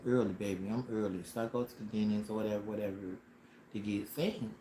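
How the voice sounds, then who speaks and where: A man telling a personal story on a casual livestream, dramatic and animated, with slang and sound effects. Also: on the low side, fast talker, slight background noise. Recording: roomy echo with faint ambience.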